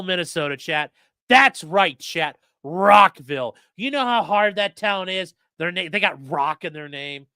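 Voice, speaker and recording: A man with a slightly higher, bright, forceful voice banters through his sponsor reads with a deadpan, sarcastic streak. His close mic gives a dry, dead-sounding recording with no room around him. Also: dry recording. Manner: sarcastic, rambling, deadpan jokes addressed to chat. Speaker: podcast co-host reading sponsor spots. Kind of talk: casual livestream chat, joking ad reads.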